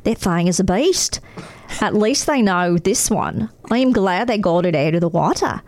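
Brief: mellow Aussie surfer bloke, put on by a woman reading aloud, easygoing drawl, bouncy intonation. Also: medium pitch, dry recording, natural voice. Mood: awed. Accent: put-on Australian. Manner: relaxed, drawn-out delivery. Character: laid-back adult male surfer.

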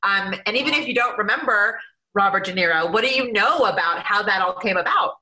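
A woman's voice: medium pitch, lively intonation, a little fast, bright, forceful tone, poor audio. A woman interviewing a guest, enthusiastic and upbeat in her questions. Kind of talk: casual interview.

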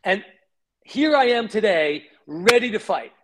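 Quick and animated, a middle-aged founder shares career stories during an interview, impersonating the people in them. He speaks in a high voice against a noisy background.

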